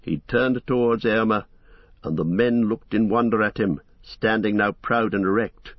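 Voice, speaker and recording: A man narrating an audiobook in a steady, measured storytelling manner with a husky voice. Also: on the low side, no echo, muffled recording.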